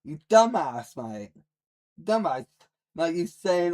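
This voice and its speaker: A man's voice: on the high side, lively intonation, a little slow, darkish tone. A man on a live stream, ranting at his chat in a profane, mocking, hostile way. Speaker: livestreamer.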